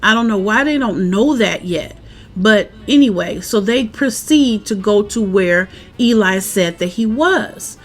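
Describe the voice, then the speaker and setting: A woman, a parent, chatting casually outdoors in the wind as she recaps a TV episode and acts out the characters' lines with animated energy. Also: mid-range voice, unhurried. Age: adult parent. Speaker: show recap vlogger. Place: outdoors, windy.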